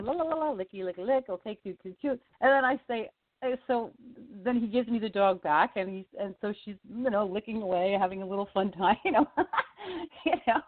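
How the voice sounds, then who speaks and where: A chatty woman tells a story down a tinny phone line, her voice leaping high whenever she quotes someone. The sound is dry and close, with no room around her, and she laughs easily between lines. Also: dry recording. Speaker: singer-songwriter guest. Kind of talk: casual storytelling on a radio interview.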